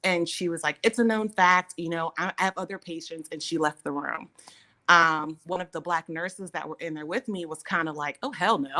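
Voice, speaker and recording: A woman hosting a casual chat, telling a personal story in an animated way, acting out the people she quotes and laughing between lines. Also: deep voice.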